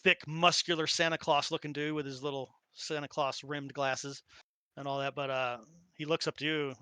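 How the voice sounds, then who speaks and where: A man running a tabletop game and chatting, animated and excitable, swearing freely. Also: on the high side, normal speed, smooth, no room sound. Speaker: game master. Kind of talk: casual chat and tabletop game narration.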